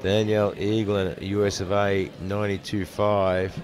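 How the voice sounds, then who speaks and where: A man's voice: on the low side, flat delivery, measured pace, darkish tone. A man doing live sports commentary from a commentary box, announcing each lifter's name, country and weight before adding his analysis. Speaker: powerlifting commentator. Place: commentary box at a competition venue. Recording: crowd noise at a live event.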